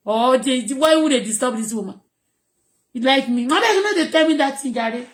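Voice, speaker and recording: A Nigerian woman with a very high, piercing voice rants to her viewers, hammering the same warnings over and over. She flips between Pidgin, English and Yoruba, and the room around her rings with a hollow echo. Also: expressive, fairly quick. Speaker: vlogger. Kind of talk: ranting monologue to viewers. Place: home.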